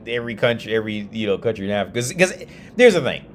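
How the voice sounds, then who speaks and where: Low-voiced American man rambling. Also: very animated, very fast, slight background noise. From United States. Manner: profane, laughs often, many restarts. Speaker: livestreamer. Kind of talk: casual rambling monologue.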